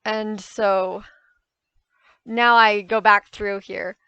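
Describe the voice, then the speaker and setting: A woman's voice: mid-range voice, steady tone, very slow, pushed and bright, clear, resonant tone, no room sound, highs cut off. Woman gamer doing a casual, self-correcting voice-over. Close mic, dry and plain. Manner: rambling, self-correcting, recounting frustrations. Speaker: gaming YouTuber. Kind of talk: casual gameplay voice-over commentary.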